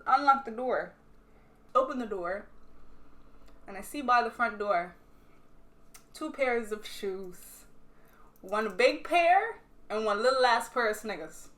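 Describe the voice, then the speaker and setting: A young Bermudian woman speaks slowly at a fairly high pitch, leaving long pauses. Sipping wine, she answers viewer questions bluntly, swearing often and telling animated stories, her Bermudian accent at times slipping into British.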